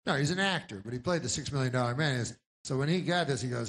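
A man doing a stand-up comedy set with a rambling, deadpan delivery full of meandering asides. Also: medium pitch, fast talker.

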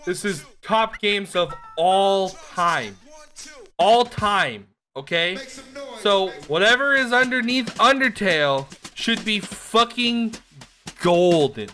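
Excitable swearing woman streamer, lively pitch. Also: slow, faint music behind. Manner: excitable, swearing, laughing often. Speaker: game streamer. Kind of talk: live gameplay commentary. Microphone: headset.

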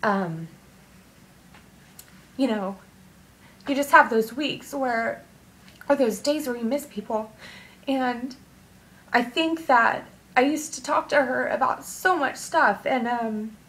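Young woman, personal vlog, tearful, halting speech, fillers, slightly high voice. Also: a bit bright. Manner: emotional, halting, many fillers and restarts. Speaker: vlogger.

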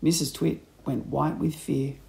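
A man reading a children's storybook aloud in an expressive, playful narrator's voice. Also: on the high side, unhurried, gravelly, poor audio.

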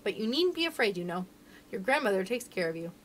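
A woman voicing an honest, brave young miner boy in a storybook reading, dropping her voice lower and speaking steadily. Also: sing-song, fast, a bit bright, a little hiss or hum. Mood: earnest.

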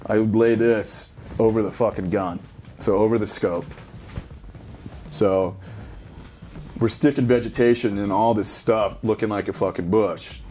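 A man's voice: lowish voice, fairly even intonation, unhurried, pauses often, warm tone, faint music behind. A man in his thirties, a military veteran, telling loose, profanity-heavy stories in casual reaction chat. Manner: profane, swears constantly, loose storytelling. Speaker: special operations veteran reacting to a game.

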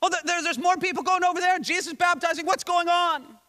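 A man's voice: very animated, moderate pace, bright, forceful tone, in a large hall, heavily acted. A pastor voicing the worried male disciples of an ancient prophet in a sermon, anxious and exclaiming. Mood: alarmed. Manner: anxious, exclaiming, higher-pitched.

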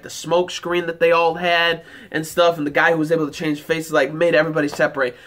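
A man's voice: fairly high pitch, a bit bright. A man giving a casual, rambling, enthusiastic episode review, with lots of "like" fillers. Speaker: anime reaction reviewer.

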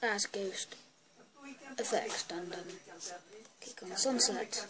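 Goofy, slow-talking woman clowning at a computer. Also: mid-range voice, bright, forceful tone. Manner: goofy, clowning, muttering asides while clicking. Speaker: vlogger. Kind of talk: playful screen-recorded tutorial chat.

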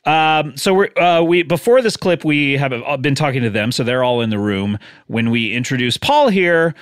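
A man's voice: mid-range voice, animated, normal speed, no room sound, studio quality. A man hosting a comedy podcast, talking in a chatty way with lots of fillers and frequent laughs. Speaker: podcast host. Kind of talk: casual chat.

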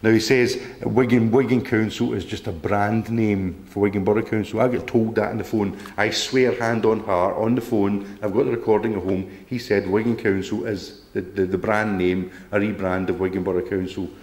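A man's voice: lowish voice, fairly even intonation, normal speed, few pauses, a little mellow, echoey room. A man giving an emphatic, indignant public talk to an audience, rambling with restarts and the odd swear word. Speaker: speaker at a public meeting.

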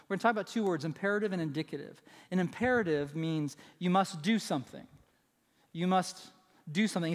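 A man's voice: high-pitched, in a large hall. A man preaching a sermon as pastor, talking conversationally to his church and often checking in with "right?". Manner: conversational, asks "right?" often, restarts phrases. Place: church sanctuary.

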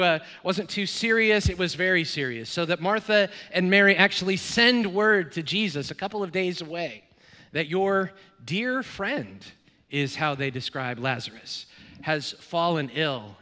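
A middle-aged man preaching as a guest pastor, telling stories with many fillers and acted-out dialogue. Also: high-pitched. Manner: warm storytelling with many fillers and quoted dialogue. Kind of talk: sermon. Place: church sanctuary. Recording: long reverb of a church hall.

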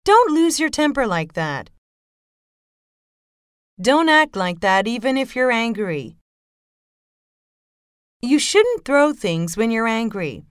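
A woman slowly reading a mother's example sentences, carefully enunciated. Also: a little high, very animated, clear, resonant tone, no room sound, studio quality. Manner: slow, lilting, carefully enunciated. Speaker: narrator voicing a mother's lines. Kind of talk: slow scripted phrase reading.

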